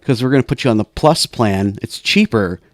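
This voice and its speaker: A man's voice: mid-range voice, expressive, normal speed, no room sound. A man co-hosting a podcast, telling a long story in a rambling way with lots of restarts and laughs. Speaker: podcast co-host. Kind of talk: casual storytelling chat.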